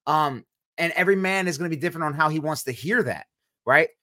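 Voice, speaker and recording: A man's voice: fairly high pitch, fast, bright, forceful tone. Frank, earnest man with a raised voice. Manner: frank, earnest, talks openly about himself. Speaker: podcast host. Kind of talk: casual podcast chat.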